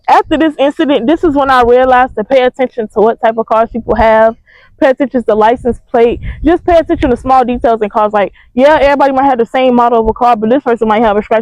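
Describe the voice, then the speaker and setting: A young woman, telling a storytime to her viewers in an animated, slangy way. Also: sits high, no echo. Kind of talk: casual storytime vlog. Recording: dry, slightly dull mic sound.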